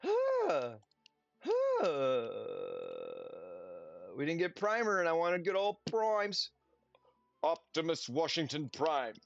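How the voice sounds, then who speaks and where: A man's voice: fairly high pitch, unhurried, a bit bright, dry recording. Man, game streamer, sarcastic chatty commentary, dry close sound, muffled lo-fi quality. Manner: chatty, sarcastic, jumps between playful silly voices. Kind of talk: casual gameplay commentary. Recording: dull lo-fi audio with music. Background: faint background music.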